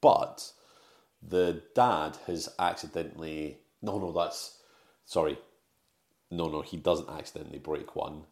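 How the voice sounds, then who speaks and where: A man with a notably deep voice talks through a film's plot in relaxed podcast chat. He pauses, backtracks and corrects himself as he goes. The recording has a roomy echo. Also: vocal fry. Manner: recounting plot with frequent fillers and self-corrections. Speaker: podcast co-host. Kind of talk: casual film-recap chat.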